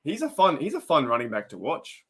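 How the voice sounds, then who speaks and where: Bright-voiced Australian man calling plays. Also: a little high, brisk. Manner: excitable play-by-play, chatty asides to viewers. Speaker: streamer and host. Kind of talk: live reaction commentary.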